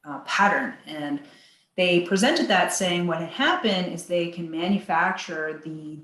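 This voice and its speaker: A woman guest on a podcast interview, talking in an animated way, acting out quotes in a higher voice and laughing between points. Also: unhurried, reverberant, poor audio.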